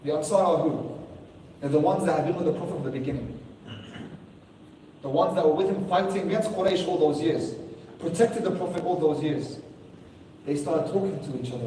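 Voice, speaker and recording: A man's voice: a little fast, pauses often, recorded from a distance, a little hiss or hum. Man telling a sermon story in an echoey hall. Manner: expressive storyteller, rises in pitch for emphasis. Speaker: Islamic lecturer.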